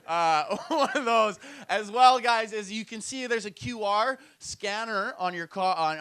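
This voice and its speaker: Young guy from alberta doing standup crowd work, smooth clear voice, rambly slangy delivery. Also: a little high, sharp tone. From Edmonton, Alberta, Canada. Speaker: stand-up comedian and event host. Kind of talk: stand-up comedy. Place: comedy club stage with audience.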